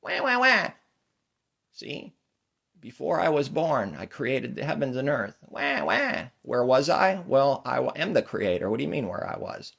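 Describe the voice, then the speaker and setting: A man's voice: medium pitch, sing-song, moderate pace, vocal fry, husky, voice pushed up, heavily acted. A man voicing a boastful, bawling baby who calls himself God, wailing shrilly and scornfully. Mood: boastful wails.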